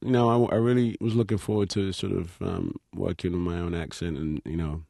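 A man's voice: low-pitched, brisk, gravelly, no echo, studio quality. A British man, an actor, chatting as an interview guest, laughing easily and telling stories with lots of fillers. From Britain. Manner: laughs easily, relaxed storytelling with many fillers. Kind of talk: casual interview chat.

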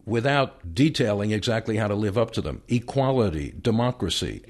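A man with a fairly low voice answers questions as a historian guest in a radio interview. He explains in a measured, unhurried way and now and then lets out a light laugh. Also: a little mellow. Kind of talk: radio interview, then reading a speech aloud.

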